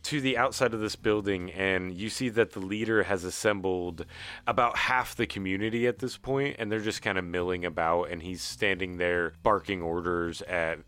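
A man's voice: low voice, fairly even intonation, moderate pace, a bit bright, no echo. Man narrating as game master. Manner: vivid descriptive narration.

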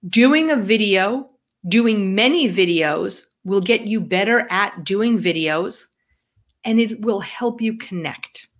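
A woman's voice: mid-range voice, expressive, slow pace. A woman with a New York accent co-hosting a podcast, giving direct coaching advice in a casual chat. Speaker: podcast co-host.

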